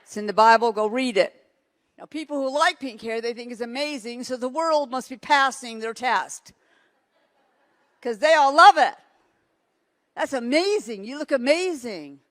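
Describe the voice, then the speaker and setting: A woman preaching a sermon, telling stories in an animated way and laughing now and then. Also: fairly high pitch, moderate pace, dry recording. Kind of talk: sermon with storytelling.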